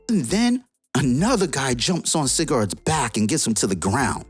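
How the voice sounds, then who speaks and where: A woman reviewing a comic book, who retells the story in an excited, slangy, casual way. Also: low voice, a little slow, breathy edge, faint music behind.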